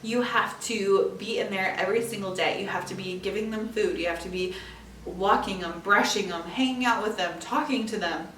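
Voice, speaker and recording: A young woman podcast host from northeast Iowa talks in a lively, chatty way and laughs often. Her voice sits at a middle pitch. She is a little far from the mic, and the room adds a noticeable echo. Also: normal speed, a little hiss or hum. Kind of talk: solo podcast monologue. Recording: roomy echo, mic a bit distant.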